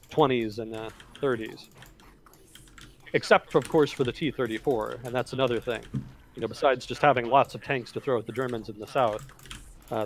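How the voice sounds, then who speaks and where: A man's voice: medium pitch, a little hiss or hum. A man hosting a livestream, talking casually about history, rambling and correcting himself as he thinks aloud. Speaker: livestream host.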